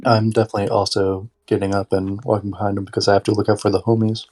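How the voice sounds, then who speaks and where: A man playing a tabletop role-playing game, talking in a flat, offhand way. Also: lowish voice, fast talker. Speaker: player.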